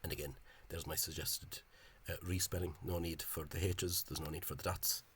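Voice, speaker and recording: A man's voice: low voice, little pitch movement, normal speed, fairly bright tone, slight background noise. A man giving an informal, digressive explanation in a video, thinking aloud in a scholarly way. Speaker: Irish-language spelling enthusiast.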